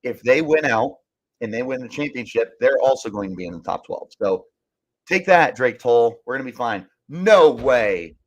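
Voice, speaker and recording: Young guy fired up about rankings, keeps repeating himself, mid-pitch voice. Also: expressive, normal speed, highs cut off. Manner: exasperated, emphatic, repeats himself for emphasis. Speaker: sports podcast host. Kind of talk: fired-up sports talk, reading live comments.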